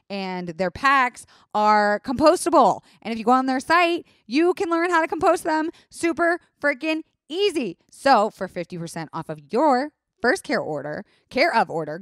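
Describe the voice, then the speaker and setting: A young woman hosting a podcast, telling a story in a casual, profane, animated way and acting out the people she quotes. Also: mid-range voice, no room sound, clean studio sound. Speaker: podcast host.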